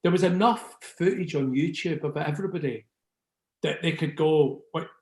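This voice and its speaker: A man's voice: a little high, normal speed, a little mellow, echoey room. A Scottish man in his sixties chatting in an interview, rambling and sweary, forever asking "do you know what I mean". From Scotland. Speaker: interviewee, record label founder. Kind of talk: casual interview chat.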